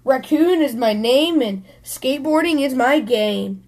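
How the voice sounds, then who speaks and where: A woman's voice: high voice, animated, unhurried, a little mellow. A woman reading a storybook aloud, voicing a cocky, daredevil male raccoon who teases. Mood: brash. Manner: brash and teasing.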